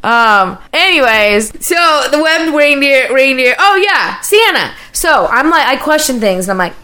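A woman's voice: high voice, big pitch swings, measured pace, few pauses, pushed and bright. Profane rambling woman in her thirties. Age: 30s. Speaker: podcast co-host. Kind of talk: casual chat.

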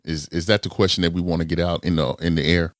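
Deep-voiced man hosting a podcast. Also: steady tone, quick pace, no echo, studio quality. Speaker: podcast host. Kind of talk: casual podcast talk.

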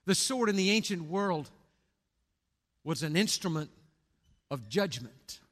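Pastor, middle-aged man, high and bright, long church reverb, dramatic sermon delivery. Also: animated, unhurried. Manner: dramatic swings between hushed and booming delivery. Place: church sanctuary.

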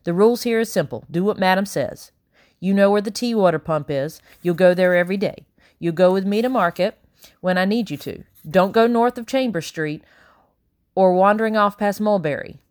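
A woman voicing a bossy, talkative middle-aged housekeeper who scolds briskly and barely stops for breath. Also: mid-range voice, darkish tone, dry recording, studio quality, close to an everyday voice. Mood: scolding.

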